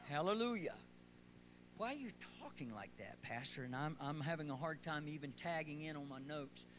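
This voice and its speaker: A pastor preaches to his church in a high voice, starting quiet and conversational before rising to loud, shouted praise. The recording is noisy, with a steady hum behind him. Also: moderate pace. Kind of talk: sermon. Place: church sanctuary.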